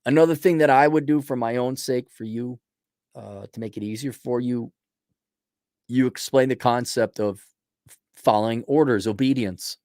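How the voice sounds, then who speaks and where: A man's voice: medium pitch, normal speed, a little mellow, no echo, clean studio sound. Blunt, crude man ranting. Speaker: podcast host. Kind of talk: profane rant.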